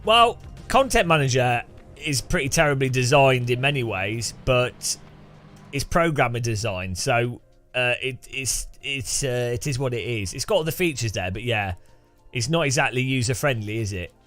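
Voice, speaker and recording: A mid-range male voice with lively intonation and a fairly bright tone talks at normal speed, with faint music behind him. He's casually streaming a racing game, rambling to viewers in a self-deprecating way with frequent chuckles.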